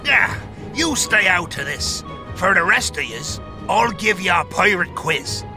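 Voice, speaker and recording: A man voicing a gruff, boastful male pirate with a British accent and dropped-grammar pirate talk, for a children's podcast. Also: high-pitched, big pitch swings, measured pace, heavily acted. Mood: boisterous. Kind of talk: children's educational podcast character. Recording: music playing under the voice.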